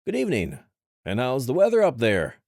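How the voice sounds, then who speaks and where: A man voicing a cheery, wisecracking male adventurer guide who jokes with quick comebacks. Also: lowish voice, animated, a little mellow, no echo, studio quality, voice pushed up. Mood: wry.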